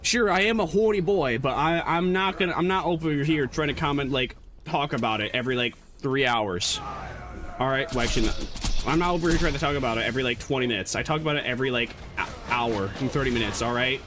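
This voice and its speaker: A man's voice: mid-range voice, fast talker. A man streaming as a VTuber, chatting casually in a rambling, joking way and correcting himself as he goes, with lots of stammered restarts. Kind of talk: casual livestream chat.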